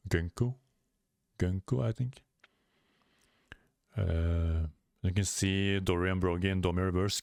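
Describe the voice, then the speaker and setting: A man's voice: sits low, fairly even intonation, a little slow, gravelly, pauses often, darkish tone, no echo, clean studio sound. Man musing hesitantly over a comic. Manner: hesitant, many fillers and self-corrections. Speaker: manga reaction host. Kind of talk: casual reaction commentary, reading aloud.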